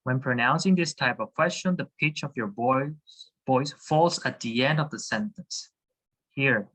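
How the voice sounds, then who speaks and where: A man's voice: medium pitch, measured pace, a bit bright, rough recording. A man teaching a class over a video call, hesitant, with many fillers and restarts. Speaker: Spanish teacher.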